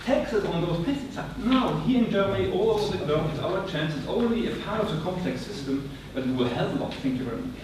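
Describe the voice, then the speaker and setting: A man's voice: sits high, expressive, fast, few pauses. A man in the audience at a panel discussion, urging and impassioned as he presses his point. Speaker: audience member, organic agriculture advocate. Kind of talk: public panel discussion comment. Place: large lecture hall. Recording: echoey hall, distant mic, audience noise.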